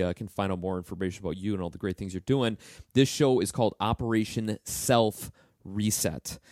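Low-voiced podcast host guy, chill and brief, dry close sound. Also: darkish tone, dry recording. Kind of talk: casual interview talk.

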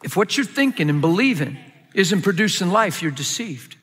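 A man preaching a sermon as a pastor, emphatic and given to sudden high, excited bursts. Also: moderate pace, breathy edge, long reverb tail.

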